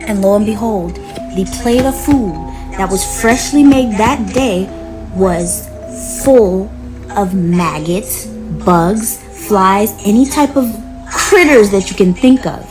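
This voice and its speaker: A woman's voice: mid-range voice, expressive, slow, over music, poor audio. A woman casually telling a story, recounting what people said with plenty of "like" along the way. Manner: chatty, recounts dialogue with lots of "like".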